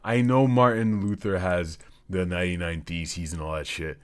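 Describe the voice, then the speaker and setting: Give me a deep-voiced man hosting a comedy podcast, rambling and profane. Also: steady tone, moderate pace, few pauses, clean tone. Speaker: podcast host. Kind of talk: casual comedic monologue.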